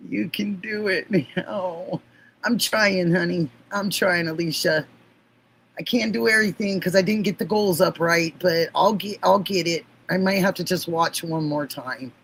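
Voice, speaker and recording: A woman hosting a livestream, chatting warmly with viewers and laughing often. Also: lowish voice, measured pace, slight background noise, rough recording. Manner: gushing, affectionate, laughs often. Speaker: livestream host. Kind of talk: casual livestream chat.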